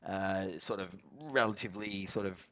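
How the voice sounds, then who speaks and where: A man's voice: deep voice, fairly even intonation, normal speed, fairly bright tone, lo-fi sound, a little hiss or hum. A man narrating as game master, rambling with many fillers.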